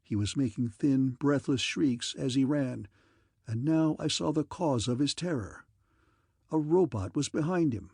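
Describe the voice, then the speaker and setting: A man reads an audiobook in measured, dramatic narration. His voice has a gravelly fry and a husky grain. The recording is close and dry. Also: medium pitch, animated, a little mellow, dry recording. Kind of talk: scripted narration.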